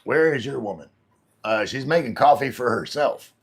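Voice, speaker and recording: A man's voice: mid-range voice, lively intonation, normal speed, husky. A middle-aged man chatting casually on a live stream, reading viewers' messages aloud and answering them. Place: home in the Philippines.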